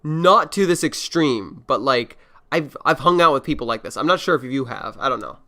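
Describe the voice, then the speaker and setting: A man's voice: mid-range voice, expressive, normal speed, sharp tone. A man hosting a casual reaction podcast, rambling and swearing freely. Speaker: podcast host.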